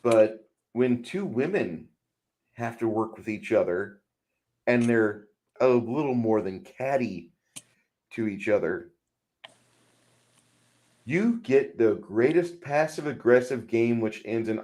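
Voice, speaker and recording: A man's voice: mid-range voice, expressive, takes it slowly, long pauses, darkish tone. A man co-hosting a casual movie podcast, rambling with frequent restarts and putting on voices for quotes. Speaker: podcast co-host; truck driver.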